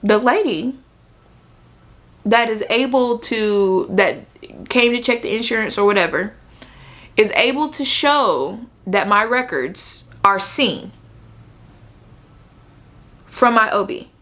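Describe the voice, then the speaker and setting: A woman's voice: on the high side, animated, slow, pauses often, a bit bright. A young woman telling a personal story to camera in an emphatic, venting way, repeating her points for stress. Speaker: vlogger. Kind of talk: casual storytime.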